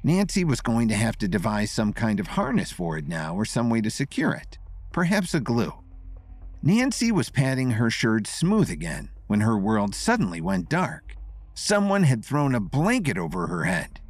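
A man narrating a scripted story in an expressive storytelling manner. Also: medium pitch, moderate pace, no room sound.

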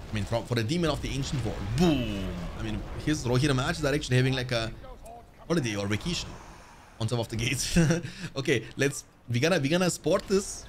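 Excitable man commentating his own game. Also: fairly high pitch, a little hiss or hum. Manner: excitable, swings from muttering to yelling at the screen; talks to viewers as "boys". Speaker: gaming streamer. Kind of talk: live gameplay commentary.

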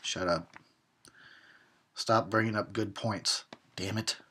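A man's voice: fairly low pitch, fairly even intonation, slow, bright, forceful tone, breathy edge. A man giving a drunken movie commentary, crude and mocking, talking back at the characters and laughing at his own jokes. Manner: talks back at the characters on screen. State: tipsy.

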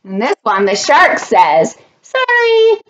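A woman reading a picture book aloud to children, animated and laughing often. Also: a little high, unhurried, muffled recording. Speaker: storytime reader.

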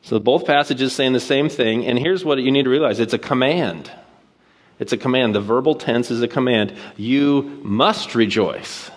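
Animated man preaching a conversational sermon. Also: mid-range voice, a little fast. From Washington State, USA. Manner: animated storytelling, acts out quoted voices. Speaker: guest preacher.

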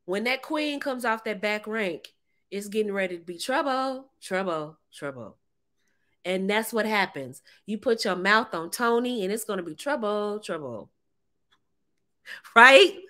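A woman from the United States giving an animated relationship-coaching talk, emphatic, repeating phrases and laughing often. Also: mid-range voice, measured pace. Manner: plays out short quoted voices.

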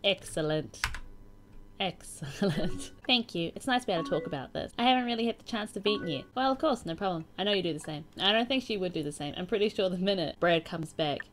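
A woman's voice: medium pitch, expressive, fast, few pauses, soft background music. A young woman casually commenting on a game she is playing and reading its chat messages aloud in a playful, chatty way. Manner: chatty and playful, reacting with sighs and laughs. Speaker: gaming YouTuber.

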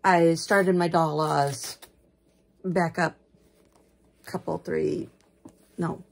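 A woman chatting casually to camera about her dolls, slow and unhurried. Her voice is gravelly and husky, with a rambling, homespun way of talking that breaks into gushing gasps. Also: low voice, steady tone. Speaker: doll collector vlogger.

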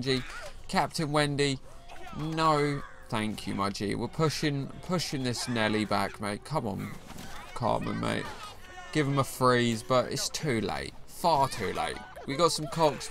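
A young man giving casual, excitable commentary over his own mobile game, bantering at his opponent. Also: medium pitch. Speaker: gaming YouTuber. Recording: faint game music behind the voice.

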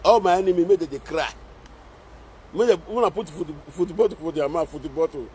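A man's voice: a little high, brisk, warm tone, a little hiss or hum. A man speaking Nigerian Pidgin English, scolding and mocking in a repetitive social media rant. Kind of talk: scolding live-video rant.

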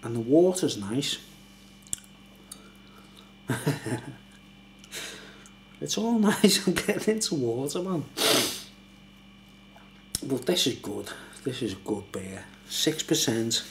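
A man's voice: medium pitch, sing-song, slow, pauses often, a little hiss or hum. An older man, a little tipsy, rambling and laughing as he reviews a beer late at night at home. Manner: rambling, chatty, laughs often.

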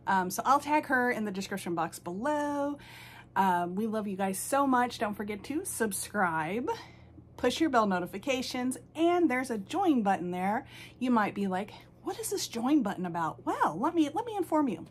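A woman hosting her doll channel, who gushes with excitement and coos to her dolls. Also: a little high, moderate pace, slight background noise. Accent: American. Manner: gushing, excitable, lots of "oh my goodness"; baby talk to her dolls. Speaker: reborn doll channel host. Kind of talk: unboxing vlog chat.

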